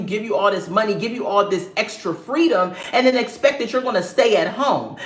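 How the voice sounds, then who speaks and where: A young woman talks through a reality episode like she's gossiping with friends, sassy and quick to laugh. Her voice sits a little high and jumps all over the place as she acts out the people she describes. The room has a noticeable echo. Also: fairly bright tone. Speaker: reality TV recap vlogger. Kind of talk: casual review commentary. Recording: roomy echo.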